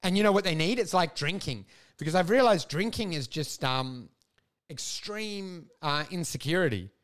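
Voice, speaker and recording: Guy, high voice, crude ranting podcast co-host who mimics people mid-story. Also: animated, normal speed. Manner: ranting, crude, laughing, acts out quoted voices. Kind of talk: casual chat.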